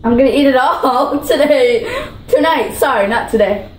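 A woman's voice: sits high, moderate pace, roomy sound, a little hiss or hum, rough recording. A female vlogger talking in a bubbly, gushing way while she taste-tests food, repeating her praise. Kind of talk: food challenge vlog.

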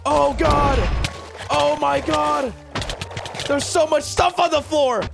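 A man's voice: very high voice, fairly even intonation, slow pace, vocal fry. A young man giving playful, teasing gaming commentary as he hosts a server event, full of gleeful exclamations. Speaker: Minecraft YouTuber hosting a server event. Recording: voice over loud background music.

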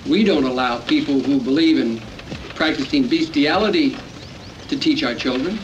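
A man's voice: mid-range voice, normal speed, far from the mic, noisy background, natural voice. An actor playing a male political campaigner speaking emphatically on television. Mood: emphatic. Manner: emphatic speech delivery. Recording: dull TV audio from across the room.

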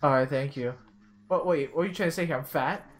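A man's voice: fairly high pitch, fast talker. A man in his twenties chatting casually while gaming, joking and laughing often. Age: 20s. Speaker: gamer in a voice chat.

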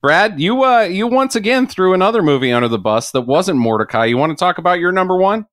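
A man's voice: high voice, sing-song, fast talker, fairly bright tone, no echo, studio quality. A man hosting a casual podcast chat, blunt and sarcastic, swearing freely. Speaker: podcast host.

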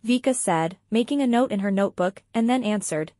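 A woman narrating a scripted story with a wry, lively storytelling manner. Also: medium pitch, fairly quick, no echo, studio quality.

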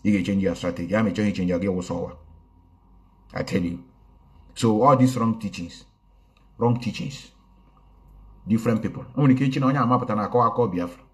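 A man's voice: on the low side, brisk, long pauses. A man commenting casually on a livestream, mixing languages and greeting viewers one by one. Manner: code-switching, greets viewers by name. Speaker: online activist commentator. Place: indoors, recorded in a home in a city.

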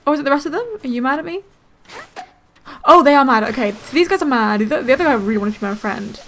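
A young woman giving excitable, gasp-filled commentary while playing a video game and thinking aloud. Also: high-pitched, a little fast, a little hiss or hum. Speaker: gaming let's player. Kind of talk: casual gameplay commentary. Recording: faint game music behind.

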